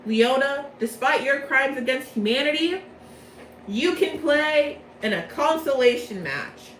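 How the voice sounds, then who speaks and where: A woman playing a sarcastic, drawn-out headmaster with an exasperated edge, and her voice sounds a bit roomy. He hands out unfair punishments with mock patience. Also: high voice, lively intonation, fairly bright tone, slight background noise, voice pushed up.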